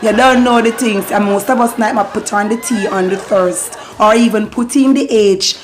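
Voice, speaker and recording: A woman's voice: medium pitch, normal speed, background noise. A woman with a Jamaican accent giving a playful, casual patois lesson, laughing often and repeating phrases. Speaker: online patois teacher.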